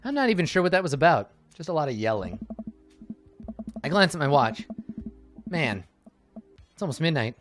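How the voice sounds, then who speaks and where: Jokey male gamer, lively pitch, loud bursts and mumbled asides, casual let's-play read. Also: normal speed, long pauses, music in the background. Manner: animated and jokey, swings between loud outbursts and mumbled asides, swears. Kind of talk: comedic game read-through.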